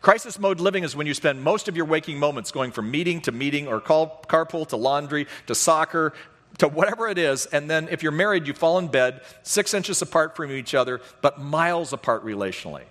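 Storytelling pastor in a reverberant church. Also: male voice, on the high side, brisk. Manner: animated, self-deprecating, acts out voices in his stories. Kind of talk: storytelling sermon. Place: church sanctuary. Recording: long hall reverb.

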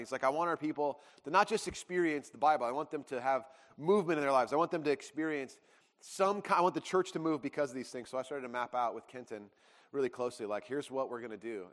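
A man in his thirties, a pastor telling his own story to a congregation, rambling with restarts and acting out quotes. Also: mid-range voice. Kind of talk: personal testimony to a congregation. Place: church sanctuary. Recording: long hall reverb.

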